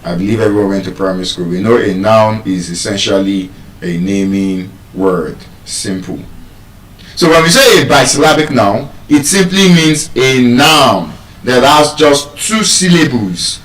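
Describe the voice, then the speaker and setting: A man from Nigeria teaching a lesson on word stress to public speakers, measured and repetitive, asking his listeners questions as he goes. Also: lowish voice, a bit bright. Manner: measured, repeats key points, asks the audience questions. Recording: roomy echo, speaker far from the mic.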